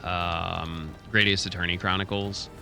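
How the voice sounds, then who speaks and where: Low-voiced man with the hiccups. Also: little pitch movement, a little slow, gravelly, music in the background. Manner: rambling, profane, joking. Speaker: streamer speedrunning a game. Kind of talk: casual live-stream commentary.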